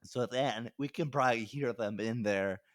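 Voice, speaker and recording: A man's voice: mid-range voice, normal speed, dry recording. Rambling young man, dry close sound. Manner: loose, rambling, swears, laughs mid-sentence. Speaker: comedian guest. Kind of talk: casual podcast storytelling.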